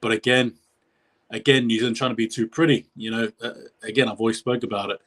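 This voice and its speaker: Guy doing live play by play on his stream, rambly, corrects himself, gets loud and high when something big happens. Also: fairly even intonation, fast. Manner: rambling, self-correcting, pitch jumps at big plays. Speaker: live stream reaction host.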